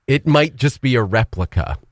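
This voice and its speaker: A man's voice: mid-range voice, lively intonation, moderate pace, no echo, clean studio sound. A man co-hosting a morning radio show, throwing in teasing, playful asides during casual banter. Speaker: radio co-host. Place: radio studio.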